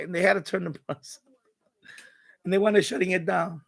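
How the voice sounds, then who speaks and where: A man rants through a casual live stream in a high, gravelly voice. He rambles and repeats himself in streetwise slang. He slips into other people's lines as he retells what they said. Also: fairly even intonation, brisk, long pauses, a bit bright. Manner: acts out quoted exchanges. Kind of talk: casual ranting commentary.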